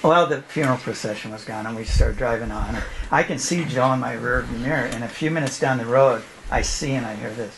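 A man's voice: medium pitch, a little fast, vocal fry, hardly any pauses. A middle-aged man, a former youth pastor, telling a personal testimony at a church event, laughing often and acting out his children's voices. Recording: noisy live recording.

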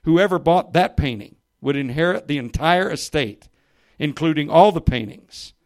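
A man preaching to a room of listeners, reading a story aloud and raising his voice for the quoted lines, then dropping low and soft for emphasis. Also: expressive, moderate pace. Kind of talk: sermon with a read-aloud story. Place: church or meeting room with listeners.

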